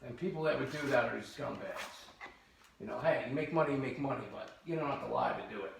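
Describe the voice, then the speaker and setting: A man who sells and reviews pepperball guns rants angrily about a rival seller while test firing, swearing heavily and dripping with sarcasm. His medium-pitched voice is quick and has vocal fry, with background noise behind him.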